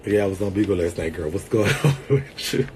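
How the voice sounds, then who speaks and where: A playful, sassy man chats to his viewers, laughing through his words and calling them girl and sweetheart. His voice sits a little low, and he swings from loud bursts to quiet asides. A faint noise runs behind him. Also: lively intonation, a little fast. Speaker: vlogger and entertainer. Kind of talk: casual talk to viewers.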